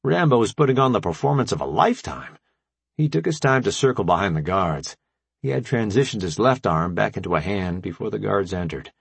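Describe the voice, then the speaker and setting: Husky male audiobook narrator. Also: fairly low pitch, lively intonation, brisk, no room sound.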